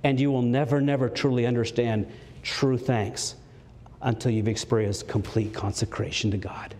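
A pastor preaches a sermon earnestly, slowing to stress key words, rising in pitch when stirred, and slipping in light jokes. His tone is steady and a little mellow, with slight background noise.

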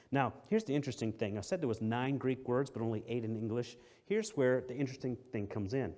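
A middle-aged male preacher with a mellow, warm tone, working through a verse word by word. He drives his points home by repeating them and moves between loud stresses and quiet asides. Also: medium pitch, a little fast, hardly any pauses. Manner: emphatic, repeats key phrases, swings between loud and soft. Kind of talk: sermon, verse-by-verse word study.

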